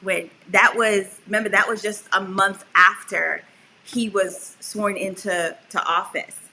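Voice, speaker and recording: A woman co-hosting a casual chat, expressive and quick to laugh. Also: medium pitch, slight background noise, poor audio. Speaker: co-host.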